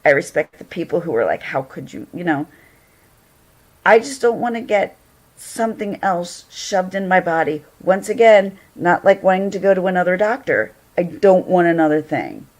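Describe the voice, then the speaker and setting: A woman's voice: lowish voice, animated, moderate pace, a little mellow. A woman hosting a casual livestream chat, greeting viewers and laughing often as she talks. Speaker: livestream host.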